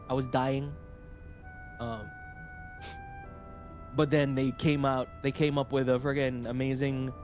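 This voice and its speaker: A man streaming casually as a VTuber, telling a rambling, animated story with laughs and restarts. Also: medium pitch.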